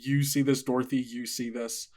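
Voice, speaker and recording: A man's voice: mid-range voice, flat delivery, normal speed, darkish tone. A man narrating as game master, describing scenes in a casual way with many fillers.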